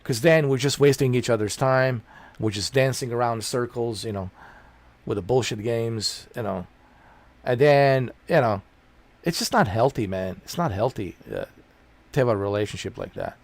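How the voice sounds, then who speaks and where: Gravelly-voiced man ranting bluntly. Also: mid-range voice, moderate pace, dry recording. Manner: rambling, blunt and profane, repeats himself. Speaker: streamer. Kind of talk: casual ranting chat.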